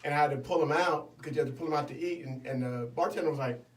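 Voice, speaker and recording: A woman's voice: low-pitched, fast, roomy sound. A woman co-hosting a morning show in casual chat, talkative and joking, with a slight lisp from dental aligners. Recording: distant mic with crowd noise behind.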